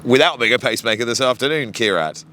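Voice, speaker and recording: A man hosting a racing podcast outdoors at the course, bantering quickly and stumbling over his words. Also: mid-range voice, expressive, sharp tone. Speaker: podcast host. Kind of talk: casual chat. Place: outdoors at a racecourse.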